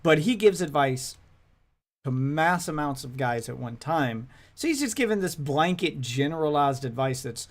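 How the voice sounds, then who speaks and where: Blunt, slightly high man explaining. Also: expressive, unhurried. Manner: blunt and explanatory, swears casually. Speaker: livestream co-host. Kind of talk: casual chat.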